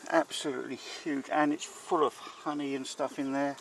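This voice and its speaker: A man, a beekeeper chatting casually as he works a hive outdoors and talks to his bees, breaking into excited exclamations. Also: mid-range voice, moderate pace, creaky, a little hiss or hum. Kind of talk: casual narration while working a hive. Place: outdoors at a beehive. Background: buzzing bees.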